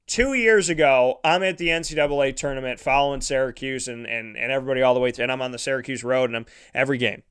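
A man's voice: medium pitch, fast talker, hardly any pauses, fairly bright tone, clear, resonant tone. A man broadcasting a live sports talk show, ranting with heated sarcasm and lots of repetition.

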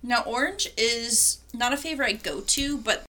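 A woman's voice: fairly high pitch, normal speed, bright, forceful tone. A woman co-hosting a podcast in casual chat, often laughing at her own slips. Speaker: podcast co-host.

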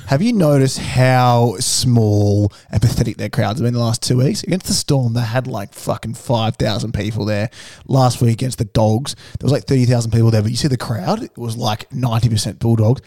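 A man's voice: mid-range voice, a little fast, mellow, dry recording. Sweary Australian man ranting, dry sound. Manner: blunt, sweary, mocking. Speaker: podcast co-host. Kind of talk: casual sports podcast rant.

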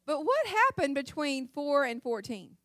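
A woman's voice: high voice, measured pace, dry recording, studio quality. A woman from Ohio giving a folksy, chatty personal testimony as a guest speaker at a church service. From Ohio, USA. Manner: folksy storytelling, chatty and lively, with many restarts.

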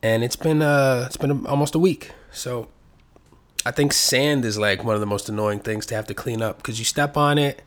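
A man talking casually and at length, rambling and cursing freely, with his voice rising and getting louder when he gets excited. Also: medium pitch, normal speed. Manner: rambling, profane, self-reflective. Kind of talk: casual solo chat.

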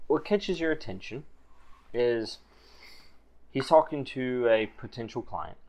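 A man's voice: mid-range voice, animated, a little slow, a little mellow. A man narrating as game master of a tabletop game, describing scenes in loose, easygoing storytelling.

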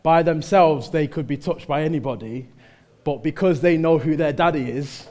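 A male preacher with a Mancunian accent, giving a conversational sermon that builds to loud exhortation in church. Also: a little high, normal speed.

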